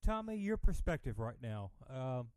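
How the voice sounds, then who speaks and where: A man's voice: mid-range voice, big pitch swings, moderate pace, a little mellow, clear, resonant tone, low-quality recording. A man hosting a wrestling podcast, asking questions with many ums and restarts. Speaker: podcast host.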